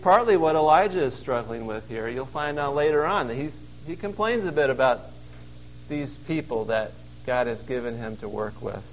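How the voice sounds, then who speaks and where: Earnest preaching man, fairly high voice. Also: slight background noise, low-quality recording. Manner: earnest, conversational preaching with emphatic quoted lines. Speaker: pastor. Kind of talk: sermon. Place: outdoors in a wilderness cave.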